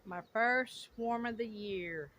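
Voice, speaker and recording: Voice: medium pitch, slow, a bit bright. A beekeeper in a casual vlog, talking outdoors and exclaiming in awe while watching a swarm. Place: outdoors by a greenhouse. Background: buzzing bees.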